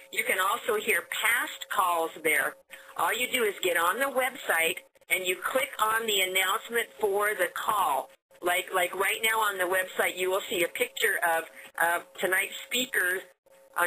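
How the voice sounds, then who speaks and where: A woman with a bright, forceful voice hosts a conference call, chatty and upbeat, tripping over her words and starting over. She comes through a telephone line with a faint hiss behind her. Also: medium pitch. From Oregon, USA. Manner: chatty and enthusiastic, with frequent restarts. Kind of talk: hosting a recorded conference call. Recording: phone line with faint noise.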